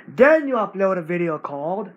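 High, lively-voiced man scolding. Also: moderate pace, lo-fi sound. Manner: scolding, repetitive. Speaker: channel owner. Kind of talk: angry rant to camera.

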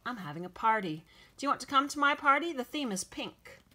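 Earnest small girl of five, plain-spoken and bright-toned, read by a woman narrator. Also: sits high, lively intonation, fairly quick, pitched above the performer's own voice, full character voice. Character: earnest little girl, almost six. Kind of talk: audiobook character voice.

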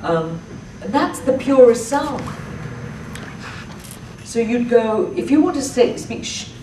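Slow-speaking woman in echoey room. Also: on the high side, sing-song, recorded from a distance, background noise. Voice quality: halting, with many fillers and restarts. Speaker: actress answering audience questions. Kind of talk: thoughtful public talk. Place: public library talk room.

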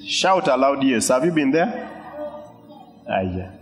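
A man preaches a sermon in a long-reverb church hall. He tells a personal story animatedly, voicing other people and adding asides, then drops to quiet, earnest teaching. Faint music sits in the background. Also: mid-range voice, sing-song, unhurried. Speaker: pastor.

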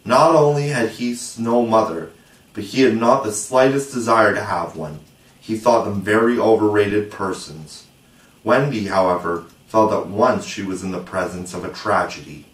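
A man narrating a storybook in a measured, expressive way. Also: lowish voice. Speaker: audiobook reader. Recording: roomy, distant mic.

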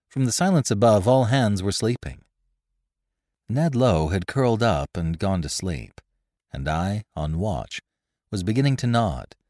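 A man narrating a classic adventure story in an expressive reading voice, close to the mic. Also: lowish voice, dry recording. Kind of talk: audiobook narration.

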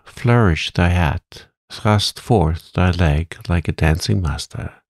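A man's voice: low voice, vocal fry, a little mellow, no room sound, clean studio sound, heavily acted. A man voicing a cunning, doting old witch with a coaxing, conspiratorial manner in a storybook reading.

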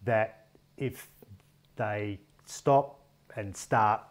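A man's voice: on the low side, extremely slow. A man hosting an interview over a video call, asking questions with hesitant fillers. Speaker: interview host. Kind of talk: conversational interview.

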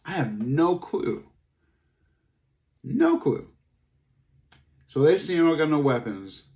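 A man giving a talk, telling a personal story in a casual, conversational way and acting out the dialogue. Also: slow. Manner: animated, acts out dialogue, voice jumps high when upset. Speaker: speaker.

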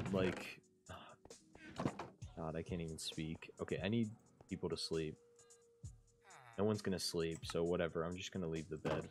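A man's voice: lowish voice, a little mellow. A man streaming a game, rambling and mumbling to himself, often trailing off mid-sentence. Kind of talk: casual gameplay commentary.

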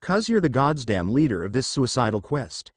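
A man's voice: mid-range voice, big pitch swings, moderate pace. A man voicing a cocky, hot-headed teen hero who bosses his friends around and trades jabs with them. His voice swings up and down with plenty of life, and it sits close and dry with no room echo, like a fan fiction storybook read aloud. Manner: cocky, teasing. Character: teen boy hero, brash and hot-tempered.

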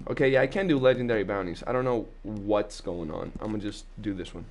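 A young man chatting casually on a live game stream, talkative and slangy, telling animated stories to his chat. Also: lowish voice, fairly quick, few pauses.

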